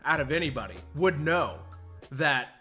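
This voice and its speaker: An adult streamer giving loud, disbelieving reaction commentary, laughing and swearing while watching a clip. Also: mid-range voice, normal speed, soft background music.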